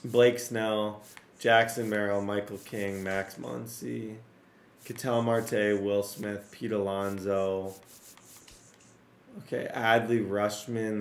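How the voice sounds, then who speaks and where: A man doing casual commentary on a sports video game, excitable and talking straight to his viewers, his voice strained and cracking. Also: lowish voice, creaky, reverberant, slight background noise. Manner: excitable, talks to viewers, rattles off player names. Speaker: gaming YouTuber.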